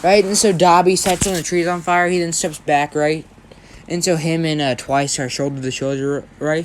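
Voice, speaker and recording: A man's voice: on the high side, slight background noise. A young man telling a story casually, rambling and often checking in with right?. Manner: rambling, keeps asking right?.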